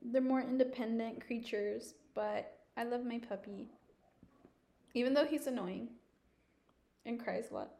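A young adult woman co-hosting a podcast who chats casually, tells stories in an animated way and laughs a lot. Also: a little high, unhurried, vocal fry, long pauses. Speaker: podcast co-host. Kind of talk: casual chat.

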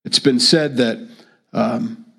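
A middle-aged pastor giving a sermon, praying and teaching in an easygoing, conversational way with frequent fillers. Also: male voice, mid-range voice, takes it slowly, gravelly, bright, forceful tone, breathy edge.

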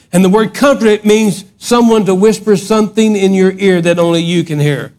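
A middle-aged man preaching a sermon, swinging from loud emphatic outbursts to hushed lines. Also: high-pitched, fairly even intonation, moderate pace, few pauses. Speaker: pastor.

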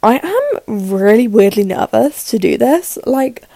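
An eighteen-year-old woman with a sore throat, rambling nervously and quickly in a casual solo podcast chat, with lots of fillers. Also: a little high, creaky, warm tone, dry recording. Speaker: podcast host. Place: her room in the evening.

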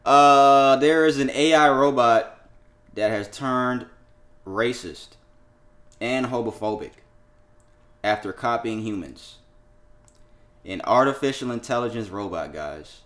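A man's voice: medium pitch, slow, pauses often, fairly bright tone. A young man co-hosting a podcast, chatting casually and loosely, swearing, laughing and reading headlines aloud. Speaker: podcast co-host. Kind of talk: casual chat.

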